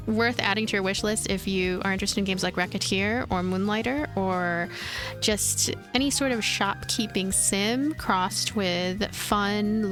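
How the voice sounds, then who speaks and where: A woman hosting a game let's play, chatty and giggly, in casual commentary. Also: medium pitch. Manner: chatty and giggly, many likes.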